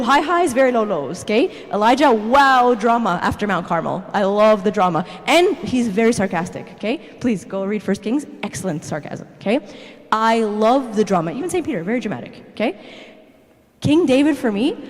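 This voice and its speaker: A woman's voice: a little high, a little mellow. A young woman giving a casual, dramatic church talk, tagging "okay?" onto her sentences. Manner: dramatic, keeps adding "okay?". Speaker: youth speaker. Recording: hall reverb.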